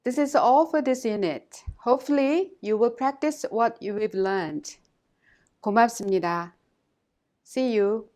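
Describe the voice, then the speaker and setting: A woman language teacher giving a scripted lesson, speaking clearly and carefully and saying words twice for learners to repeat. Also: a little high, moderate pace, a little mellow.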